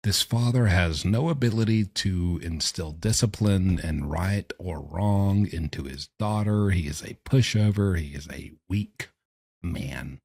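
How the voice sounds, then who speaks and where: A man's voice: low voice, a little slow, a little mellow, no room sound, clean studio sound. A man giving mocking reaction commentary on jail call recordings. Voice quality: sarcastic, mocking.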